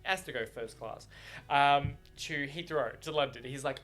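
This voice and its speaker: A man chatting casually about a book, excitable, swearing freely and laughing often. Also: a little high, unhurried, soft background music. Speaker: book reaction vlogger. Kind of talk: casual chat.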